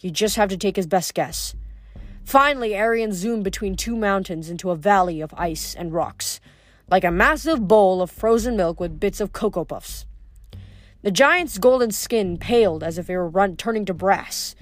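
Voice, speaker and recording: A woman's voice: medium pitch, normal speed, no echo. A woman reading a novel aloud, with occasional slips that she corrects as she goes. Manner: reads with small slips and self-corrections. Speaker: audiobook reader.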